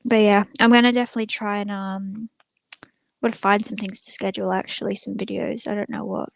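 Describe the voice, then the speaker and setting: A woman's voice: medium pitch, little pitch movement, brisk, creaky, no room sound. A woman chatting casually to viewers during a live stream from a room at home, rambling and filling her talk with "like" and "um". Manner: rambling, many filler words, chatting to viewers. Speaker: small channel live streamer. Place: room at home with the door closed.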